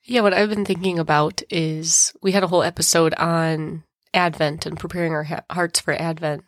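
A woman hosting a faith podcast, talking in a chatty, relaxed way with lots of "like". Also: sits low, normal speed, dry recording, clean studio sound. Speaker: podcast host. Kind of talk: casual faith podcast conversation.

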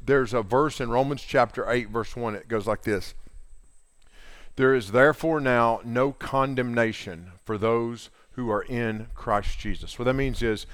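A man's voice: medium pitch, unhurried, a bit bright, no room sound, clean studio sound. A middle-aged man preaching a sermon in a casual, earnest way, retelling scripture in everyday talk. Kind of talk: conversational sermon.

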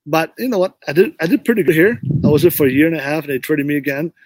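A man's voice: on the high side, racing, no echo. Middle-aged guy rambling thru a story on a podcast, restarts a lot, dry close sound. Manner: rambling, restarts often, tells stories with quoted dialogue. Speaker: podcast guest, former pro hockey player. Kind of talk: casual interview storytelling.

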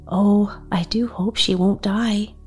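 A woman voicing a sweet, frail young girl in a bedtime storybook reading, speaking softly and gently. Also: medium pitch, steady tone, slow, faint music behind, lightly acted. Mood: hushed worry.

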